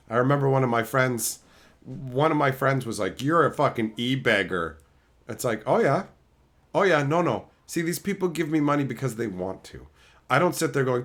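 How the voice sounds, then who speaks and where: A middle-aged man hosting a casual livestream, swearing freely and bouncing between chat topics. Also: normal speed. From Canada. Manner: animated, swears a lot, mimics chatters in high silly voices. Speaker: livestream host.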